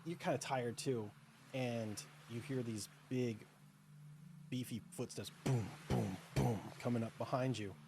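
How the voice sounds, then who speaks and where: Relaxed man narrating a tabletop game. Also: medium pitch. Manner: relaxed, descriptive, many fillers. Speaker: game master.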